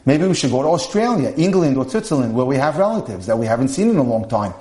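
A man reading marriage case studies aloud on a podcast, in a measured way, with asides to his listeners. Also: medium pitch, very animated, mellow, echoey room. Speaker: podcast speaker on dating and marriage.

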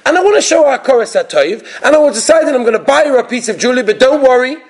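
A man's voice: very high voice, lively intonation, quick pace, pitched above the performer's own voice. A man voicing an earnest young girl who eagerly explains herself.

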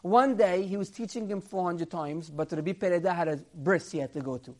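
A man leading a Torah class as a lively storyteller. He gets loud and high when he plays the people in his stories, then sinks to a soft, low voice to explain. He slows right down to lean on the words that matter. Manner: acts out quoted characters, rising louder and higher for them; drops to a quiet, low aside when explaining. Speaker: Torah teacher.

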